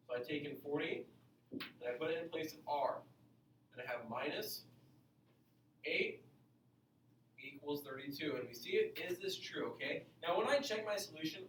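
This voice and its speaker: A man teaching algebra to a class, energetic, asking the students questions and repeating key points. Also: on the high side. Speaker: math teacher. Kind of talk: classroom lecture. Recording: echoey classroom from far off, faint noise.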